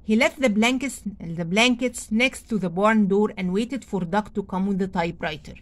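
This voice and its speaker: A woman whose first language is Arabic reads a children's storybook aloud as a teacher, with slow, expressive delivery and pauses to ask the class questions. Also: medium pitch. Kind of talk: read-aloud story lesson for young children.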